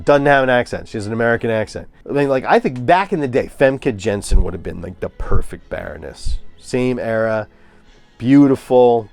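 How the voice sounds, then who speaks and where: A man's voice: mid-range voice, a little mellow. A man giving a casual, opinionated movie review, ranting and scoffing with lots of fillers and restarts.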